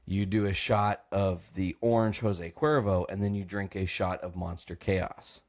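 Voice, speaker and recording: A man's voice: low voice, fairly even intonation, unhurried, a little mellow. A young man on a podcast telling a rowdy story, swearing and acting out voices as he goes. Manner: acts out voices, swears freely, laughs often. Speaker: podcast host. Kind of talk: animated storytelling on a comedy podcast.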